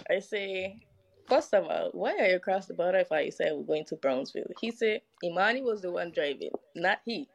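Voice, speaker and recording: Animated island-woman telling a story. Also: fairly low pitch, normal speed, vocal fry, highs cut off. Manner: animated, profane, acts out quoted dialogue. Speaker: guest. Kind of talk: casual storytelling.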